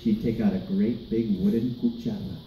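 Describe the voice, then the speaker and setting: A man telling a personal story to children at a live event, animated and asking the audience questions. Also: on the low side, normal speed, lo-fi sound. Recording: roomy, distant mic, light background noise.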